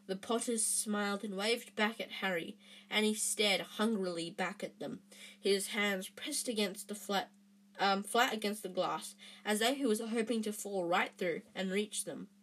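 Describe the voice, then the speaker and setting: Husky woman reading a story aloud. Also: medium pitch, measured pace, a bit bright. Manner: frequent restarts and fillers. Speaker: reader.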